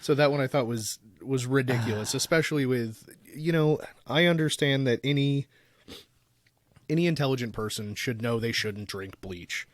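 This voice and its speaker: A man's voice: mid-range voice, moderate pace, dry recording. A man co-hosting a podcast in casual chat, an easygoing storyteller who reads articles aloud. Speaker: podcast co-host.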